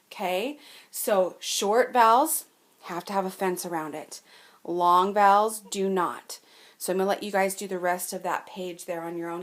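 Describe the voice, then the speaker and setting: A woman teaching fourth graders a reading lesson from home, explaining patiently in a sing-song way and stretching out sounds. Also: mid-range voice. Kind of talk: remote lesson to children.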